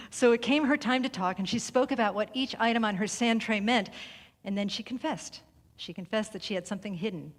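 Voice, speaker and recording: A woman delivering a sermon through a story, speaking in a measured, deliberate way with long pauses and softened phrases. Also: mid-range voice. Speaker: speaker at a spiritual center service. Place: sanctuary hall. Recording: reverberant hall recording.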